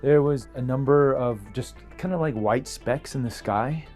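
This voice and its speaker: A man interviewed for a documentary, recalling an experience in a relaxed, thoughtful way. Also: mid-range voice, measured pace, faint music behind. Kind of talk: casual recollection.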